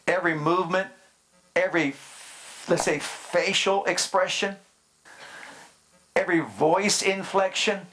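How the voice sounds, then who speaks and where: A middle-aged man preaching a sermon, with slow, emphatic phrasing and rhetorical questions to the congregation. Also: sits high, fairly bright tone. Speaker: pastor.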